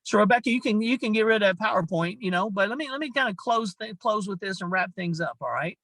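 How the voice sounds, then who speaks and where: A man's voice: high voice, animated, fast talker, fairly bright tone, no echo, rough recording. A man giving a motivational talk on a video call, emphatic and repetitive, tossing in "man" often. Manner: emphatic, repeats himself, says "man" a lot. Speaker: guest speaker on a company video call.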